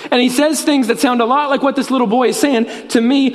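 High-voiced male pastor preaching. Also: steady tone, brisk, few pauses, in a large hall. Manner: earnest storytelling, quoting scripture. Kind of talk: sermon.

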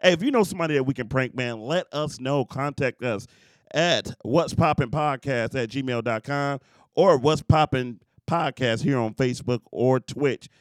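A man's voice: mid-range voice, moderate pace, dry recording, studio quality. A man hosting a podcast, talking in a laid-back, slangy way as he reads out plugs. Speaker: podcast host. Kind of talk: casual chat.

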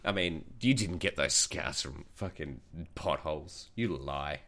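A man, co-hosting a podcast and telling stories in a casual, animated, foul-mouthed way. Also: unhurried. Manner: animated, profane storytelling, jumps into high-pitched voices for quoted people. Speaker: podcast co-host. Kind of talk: casual storytelling chat.

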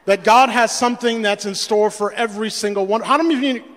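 A man's voice: high-pitched, steady tone, fast, a bit bright. A male pastor preaching a sermon, stumbling over repeated words and acting out the voices of the scripture. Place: church sanctuary. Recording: long reverb in a church hall.

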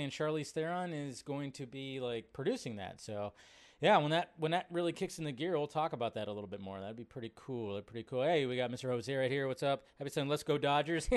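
A man's voice: on the high side, clean tone. Chatty man hosting a livestream. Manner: chatty, greets viewers by name, laughs easily. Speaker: livestream host. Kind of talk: casual live chat reading viewer comments.

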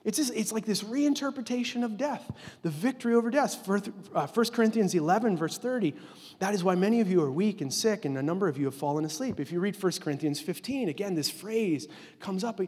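A man in his forties preaches a sermon with an earnest, conversational delivery, slipping into a near-hush at tender moments. His voice sits a little high and has a husky edge. The sound carries the long reverb of a large hall. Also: expressive, fairly quick. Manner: earnest, conversational, with many "like" fillers, dropping to a hush at tender points. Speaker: pastor.

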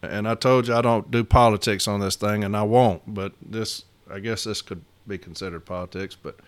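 A man's voice: lowish voice, steady tone, moderate pace, clear, resonant tone. Middle-aged male podcast host, folksy, laughs a lot, passionate. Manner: folksy, laughs often, rambling and heated. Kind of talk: casual podcast monologue.

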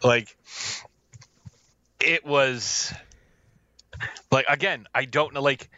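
Bright-voiced man riffing on movies. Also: medium pitch, extremely slow, dry recording, highs cut off. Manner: joking, rambling, many fillers. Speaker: podcast co-host. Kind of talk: casual film review chat.

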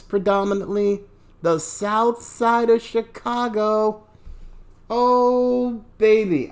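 A sarcastic opinion host on a political podcast talks at an unhurried pace, and the pitch swings widely up and down. The delivery is mocking, with chuckles between remarks. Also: a little mellow.

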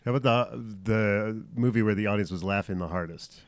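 Comedian man, deep voice, dry close mic, relaxed deadpan chat. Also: a little fast, no echo. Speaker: comedian podcast guest or host. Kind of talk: casual comedy podcast chat.

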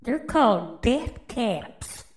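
A woman's voice: fairly high pitch, sing-song, extremely slow, rough recording. A woman, hosting a podcast and riffing on news stories in a brash, profane, drawling way. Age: adult, with children. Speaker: podcast host. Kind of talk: casual news commentary.

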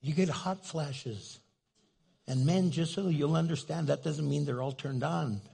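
A man's voice: fairly high pitch, a little slow, vocal fry, mellow, slightly rough. An older man preaching a sermon in a humorous, playful storytelling way. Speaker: pastor.

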